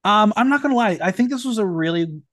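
A man's voice: high-pitched, fast talker, no room sound. Upbeat man hosting a recap, dry sound. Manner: lively, playful storytelling with dry asides. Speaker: podcast host. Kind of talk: casual recap chat.

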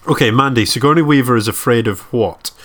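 A man's voice: mid-range voice, quick pace, fairly bright tone. A man hosts a quiz on a casual podcast. He is dry and teasing, and he often hesitates with fillers and restarts. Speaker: quiz host.

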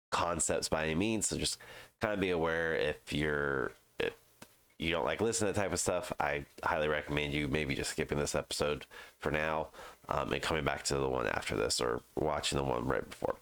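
A congested man, hosting a true crime show and reading a news article aloud, halting with fillers and restarts. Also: extremely low pitch, fairly bright tone, clear, resonant tone. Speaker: true crime podcast host.

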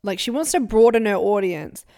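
A gravelly, medium-pitched voice belongs to a young woman co-hosting a podcast at normal speed. She gossips animatedly and casually about influencer drama, doing put-on voices for the people she quotes.

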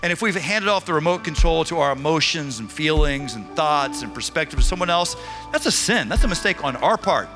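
A pastor preaching a sermon with energy. He has a somewhat high voice and calls out lines for the congregation to repeat back. Clear music plays under his voice. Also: brisk. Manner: energetic, leads the congregation in call-and-response; drops to a quiet, intimate prayer tone.

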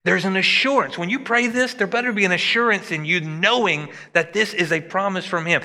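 High, bright-voiced preacher in a hall. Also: male voice, fairly quick, few pauses. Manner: animated preaching, voice rising and dropping for emphasis. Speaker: pastor. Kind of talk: sermon. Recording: long hall reverb.

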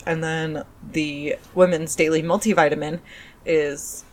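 A woman's voice: low-pitched, fairly even intonation, normal speed. A woman in her thirties co-hosting a podcast, chatty and self-deprecating as she tells a story. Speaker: podcast co-host. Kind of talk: casual podcast chat.

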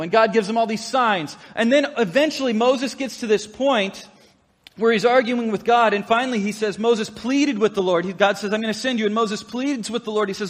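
High-voiced man preaching in a reverberant hall. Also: moderate pace. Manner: storytelling, conversational and animated. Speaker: pastor. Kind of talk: sermon. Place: church sanctuary.

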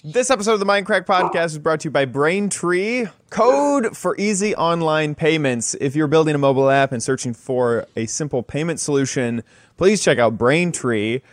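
Guy hosting a podcast, halting and full of ums, dry close mic. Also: a little high, animated, no echo. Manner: halting, many fillers and restarts. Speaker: podcast host. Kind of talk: casual podcast chat with read ad.

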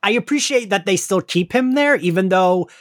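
A man's voice: high-pitched, expressive, moderate pace, no room sound, clean studio sound. A man hosting a casual chat, laughing often and talking with plenty of fillers. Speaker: podcast host.

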